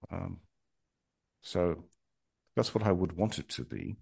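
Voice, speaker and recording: Very deep gravelly older man. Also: slow, a little mellow, no echo. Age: 60s. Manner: hesitant, many ums and restarts, wry humor. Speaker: guest. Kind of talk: reflective interview talk.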